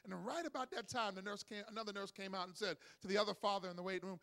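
A middle-aged man preaching a sermon as pastor, energetic and calling on the congregation to respond. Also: high voice, very fast, creaky, few pauses. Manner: acts out voices in a joke with rising excitement. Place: church.

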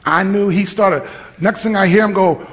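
A man preaching a sermon to a live congregation, telling stories and leading call-and-response, rising to shouts at his peaks. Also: high voice, moderate pace. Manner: storytelling, builds to shouting. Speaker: pastor. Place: church hall with live congregation. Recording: long hall reverb.

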